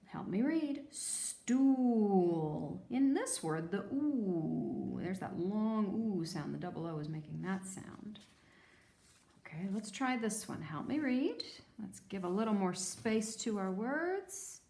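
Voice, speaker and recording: A woman teacher leading a children's phonics lesson, prompting young learners in a slow, sing-song way and drawing out the sounds. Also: mid-range voice, big pitch swings, vocal fry, dark tone, roomy sound. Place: room with table.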